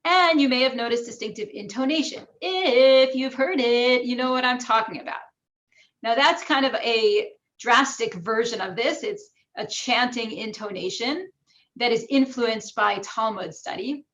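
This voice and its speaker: An American woman with some New York vowels giving an academic lecture with slides, explaining clearly and demonstrating pronunciations aloud. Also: a little high, normal speed, bright, forceful tone. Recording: dull lo-fi recording.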